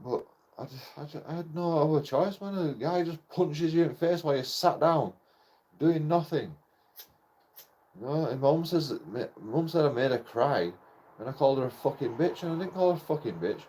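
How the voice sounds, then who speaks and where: A man's voice: fairly high pitch, lively intonation, normal speed, a little mellow. A young man tells a personal story in a casual, rambling way. He swears constantly and breaks off with short laughs between phrases. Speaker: channel host telling a personal story.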